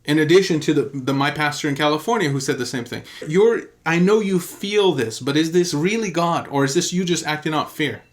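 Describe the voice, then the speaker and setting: A pastor delivers a teaching sermon in a somewhat high voice for a man. He tells his story earnestly and emphatically, often repeating a key phrase to drive the point home. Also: expressive, fairly quick, few pauses.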